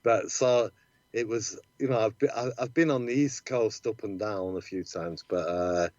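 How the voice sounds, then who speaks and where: A man's voice: fairly low pitch, steady tone, normal speed, a little mellow, no room sound. An Englishman guest in casual chat, rambling and repeating himself, laughing easily. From England. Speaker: musician guest. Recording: dull lo-fi sound.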